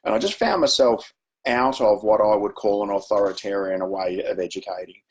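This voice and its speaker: A man's voice: on the low side, steady tone, normal speed, poor audio. A man presenting a webinar, telling a classroom story in a chatty way with many fillers. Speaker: education presenter.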